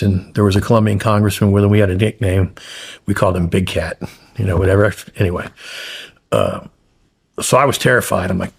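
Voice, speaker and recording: Gravelly profane man telling a story. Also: on the low side, a little fast. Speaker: guest, former hostage. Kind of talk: podcast interview storytelling.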